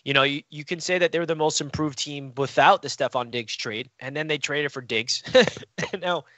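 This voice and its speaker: A man's voice: fairly high pitch, fairly even intonation, a little fast, pushed and bright, no echo. A man co-hosting a casual sports debate, boastful and teasing as he argues for his team. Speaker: sports podcast co-host, Jets fan.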